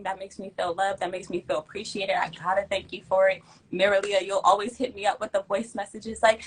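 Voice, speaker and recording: A young woman hosting a casual livestream, giving emphatic, slangy shout-outs and thanks to her viewers. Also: mid-range voice, fairly even intonation, fairly quick, poor audio. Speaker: livestream host.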